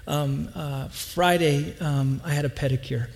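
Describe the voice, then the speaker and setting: A man's voice: fairly high pitch, steady tone, measured pace, creaky, heavy background noise. A man in his thirties, a pastor, telling a funny family story in a sermon to a live congregation and acting out the voices of his family. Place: church hall with live audience. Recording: long hall reverb.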